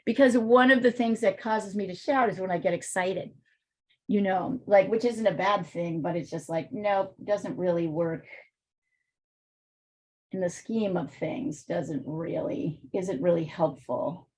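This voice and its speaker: A woman's voice: mid-range voice, normal speed, a little mellow, breathy edge. A woman art teacher with a weak, strained voice, chatting and thinking aloud while she demonstrates drawing in a live online class, with plenty of fillers.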